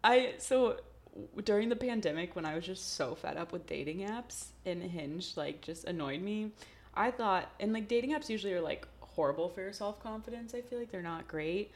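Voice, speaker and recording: A woman's voice: mid-range voice, lively intonation, normal speed. A young woman from Texas, hosting a podcast in casual, chatty talk full of "like" and laughter. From Texas, USA. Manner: chatty, laughing, heavy use of "like". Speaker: podcast host. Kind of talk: casual chat.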